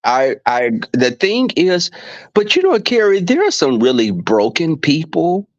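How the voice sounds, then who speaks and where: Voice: mid-range voice, big pitch swings, measured pace, no room sound, lo-fi sound. A guest on a livestream, chatting expressively and acting out quoted people. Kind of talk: casual livestream chat.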